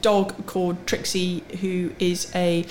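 A woman's voice: fairly low pitch, level tone, takes it slowly, a little mellow, a little hiss or hum. A middle-aged woman guest on a podcast, a chief executive, chatting frankly and mocking herself with easy laughter. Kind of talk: casual podcast interview.

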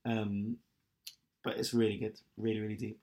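A man's voice: lowish voice, flat delivery, normal speed, darkish tone. A young man chatting candidly and at length, rambling with lots of fillers. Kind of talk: casual chat.

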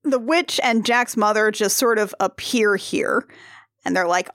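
A woman's voice: medium pitch, unhurried, fairly bright tone, no room sound, clean studio sound. A woman in casual chat, recapping a musical, laughing often and acting out the characters' lines.

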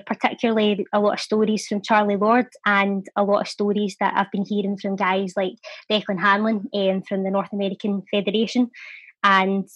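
A woman's voice: medium pitch, a bit bright, no room sound. A Scottish woman reading her own poem with a rhythmic, heartfelt delivery, then chatting casually as an interview guest. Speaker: guest, poet and charity volunteer. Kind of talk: poetry recital and casual interview chat.

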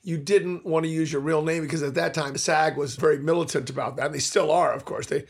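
A man, a voice actor guest, telling lively anecdotes in an interview and slipping into voices. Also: on the high side, brisk, gravelly, breathy edge. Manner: animated storyteller who slips into voices.

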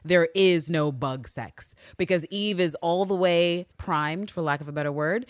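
A woman co-hosting a podcast, retelling scenes in an animated, profane way and acting out the characters' lines. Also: fairly low pitch, moderate pace, hardly any pauses, no echo, studio quality. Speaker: podcast co-host. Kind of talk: casual recap chat.

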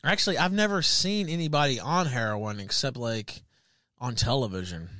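A man's voice: medium pitch, moderate pace, bright, forceful tone, no room sound, studio quality. A man hosting a live stream, mocking a clip with crude, sardonic commentary. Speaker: stream host reacting to clips.

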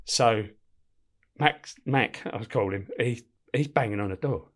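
Middle-aged former prison officer, guest, chatty storyteller who swears freely and acts out voices, even pitch. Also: male voice, measured pace. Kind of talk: casual anecdotal storytelling.

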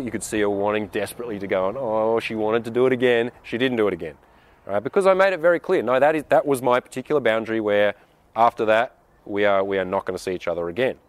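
A man's voice: on the low side, animated, quick pace. A man coaching viewers on dating, talking bluntly and swearing freely. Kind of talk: advice monologue answering a viewer question.

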